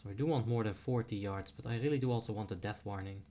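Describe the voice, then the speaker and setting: A man's voice: on the low side, fast talker, warm tone. A young man giving casual commentary while playing a game, chatty and self-deprecating, muttering asides to himself. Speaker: streamer.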